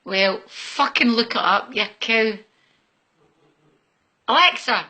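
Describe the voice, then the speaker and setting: A woman's voice: a little high, animated, slow, pauses often, sharp tone. A Scottish woman in her kitchen, swearing at a voice assistant in exasperation. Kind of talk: casual talk at home. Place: home kitchen while cooking.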